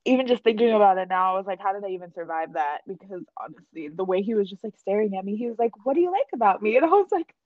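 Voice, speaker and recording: A woman in casual chat, telling a story with animated energy, swearing and laughing often. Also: medium pitch, fast, hardly any pauses, no echo, phone-quality sound.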